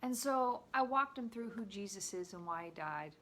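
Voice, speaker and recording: A woman's voice: medium pitch, lively intonation, normal speed, fairly bright tone. A woman minister giving an informal live-streamed teaching, talking in a conversational storytelling way with frequent restarts.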